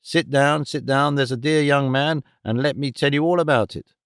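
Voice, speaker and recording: A man voicing an eccentric older male clerk who talks in an excited, fussy, reassuring way. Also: mid-range voice, normal speed, smooth, dry recording, studio quality, natural voice. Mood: eager.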